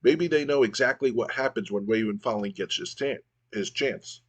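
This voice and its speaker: A man's voice: mid-range voice, moderate pace, husky, dull audio, lightly acted. A man reading the lines of a bitter, brooding veteran male wrestler in a resentful, self-pitying monologue, raised above his own voice.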